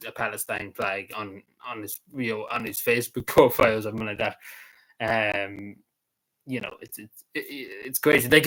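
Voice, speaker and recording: A man hosting a casual livestream, talking in a halting, rambling way with frequent laughs and restarts. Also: mid-range voice, bright, forceful tone, rough recording. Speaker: livestream host.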